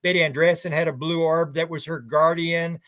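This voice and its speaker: Man, somewhat high voice, casual radio chat, rambling stories, frequent restarts. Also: fairly even intonation, normal speed, a bit bright. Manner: rambling, anecdotal, many restarts. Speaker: UFO researcher guest.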